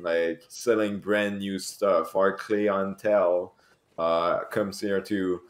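A man's voice: lowish voice, roomy sound. A man narrating as game master in a tabletop role-playing game, talking hesitantly with many fillers and restarts. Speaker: dungeon master.

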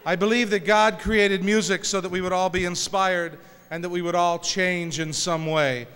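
A man's voice: high-pitched, fairly even intonation, moderate pace, a bit bright, smooth. A man giving an inspirational speech with humorous stories to an audience, joking and telling folksy tales in a large hall. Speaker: speaker at a peace concert. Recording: reverberant hall recording.

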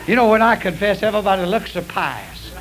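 A man's voice: sits high, animated, brisk. A man preaching a sermon in a folksy, confessional way with a drawl, telling stories to his congregation. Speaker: pastor. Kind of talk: sermon with storytelling. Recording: hissy old radio broadcast.

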